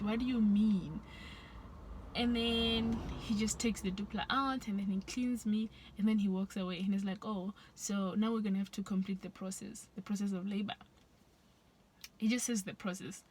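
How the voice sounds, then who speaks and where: Young woman, vlog to camera, soft halting delivery, medium pitch, faint background hiss. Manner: soft-spoken, halting, with many restarts and sighs. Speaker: vlogger. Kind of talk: personal storytelling to camera.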